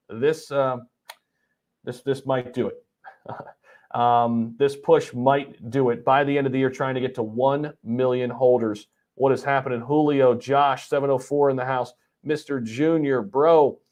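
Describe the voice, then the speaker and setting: A man hosting a live stream, excitedly reacting to charts and reading out viewer comments, with lots of ums and repeats. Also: medium pitch. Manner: hyped, repeats himself, frequent ums and laughs. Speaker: crypto livestream host.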